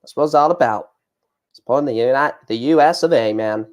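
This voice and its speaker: A man's voice: mid-range voice, brisk, pitched below the performer's own voice, close to an everyday voice. A man doing a mock Southern American accent as a swaggering American patriot.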